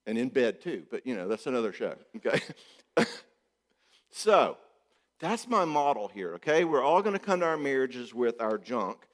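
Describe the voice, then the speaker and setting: A man's voice: medium pitch, big pitch swings, normal speed. A man gives a joking, conversational conference talk as a marriage therapist, often checking in with the audience. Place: church hall. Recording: echoey church hall.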